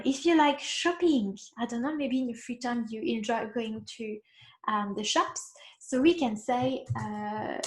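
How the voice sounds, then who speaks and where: A woman from France with a French accent, teaching an online language lesson in an encouraging way, slowing down to model pronunciation. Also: a little high, roomy sound. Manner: encouraging, asks rhetorical questions, slows down to model pronunciation.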